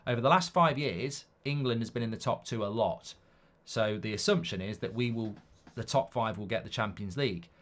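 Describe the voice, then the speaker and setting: A man hosting a live football watchalong, chatting casually and reading out viewer comments. He rambles in an animated way, swears freely and riffs on silly hypotheticals. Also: on the low side, moderate pace.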